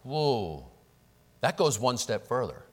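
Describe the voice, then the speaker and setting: A man preaching a sermon as pastor, animated and acting out the prayers and apologies he quotes. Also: a little high, moderate pace. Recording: long reverb of a large hall.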